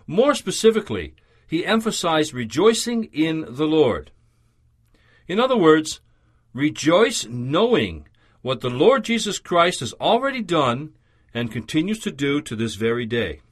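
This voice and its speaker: A man delivers a scripted radio devotional with a fairly high voice. His delivery is earnest and measured, and his pitch rises and falls expressively to press each point home. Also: very animated, husky. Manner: measured, earnest, emphatic reading.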